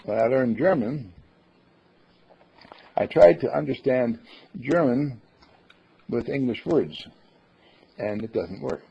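A man's voice: medium pitch, lively intonation, slow pace, creaky, pauses often, mellow, husky. A man giving a rambling, folksy spiritual talk, acting out the quotes he tells. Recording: dull lo-fi recording.

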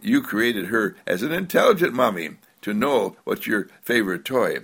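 Male spiritual speaker, gravelly and husky, animated swoops, slow drawn-out emphasis. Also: on the low side. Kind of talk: inspirational spiritual talk.

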